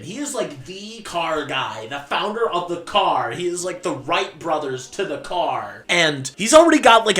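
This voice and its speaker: A man talks through a history topic for his video channel in a relaxed, animated way and tosses in joking asides. His voice sits a bit high and sounds bright and sharp. The delivery stays chatty and explanatory. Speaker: video essay host.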